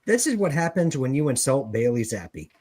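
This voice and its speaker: A man hosting a casual sports talk show, loose and jokey, halting with fillers. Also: mid-range voice, very animated, darkish tone. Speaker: podcast host.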